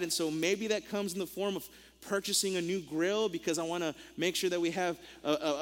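A man's voice: sits high, long reverb tail. A young man preaching a sermon, telling a funny story in a playful, self-mocking way and often stumbling over repeated words. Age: young adult.

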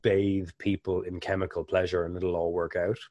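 A man with an Irish accent chatting casually on a podcast, telling stories and slipping into animated impressions. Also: low-pitched, moderate pace, no room sound, dull audio. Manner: animated storyteller, bursts into lively impressions. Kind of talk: casual conversation.

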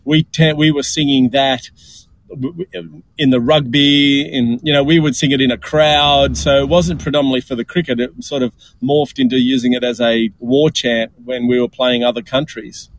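A man's voice: mid-range voice, steady tone, normal speed, no echo, rough recording. A man with an Australian accent, talking enthusiastically in a casual podcast chat and often repeating words.

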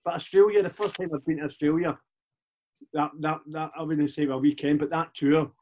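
A man in his forties with a Glaswegian accent, a guest chatting casually in a halting, rambling way with many restarts. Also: fairly high pitch, steady tone, darkish tone, slight background noise. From Scotland. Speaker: podcast guest, DJ. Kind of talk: casual chat.

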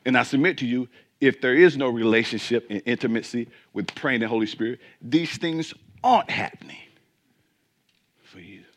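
A man preaching a sermon as pastor, swinging between emphatic peaks and quiet asides and asking the congregation questions. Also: medium pitch, lively intonation, normal speed.

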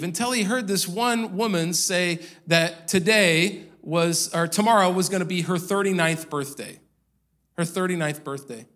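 In a church, a male pastor tells a story as part of his sermon, loose and conversational with casual fillers. His voice sits high, is a bit bright, and unhurried.

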